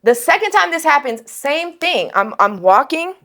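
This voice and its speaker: Young woman podcast co-host, slightly high voice, blunt and animated, swears freely in casual storytelling. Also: normal speed.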